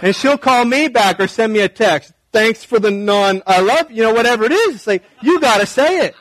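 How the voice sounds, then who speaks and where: High-voiced man preaching with hushed intensity. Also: animated, normal speed, no echo, poor audio. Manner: swings from hushed and intimate to raised and emphatic, repeating phrases. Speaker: pastor. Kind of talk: sermon.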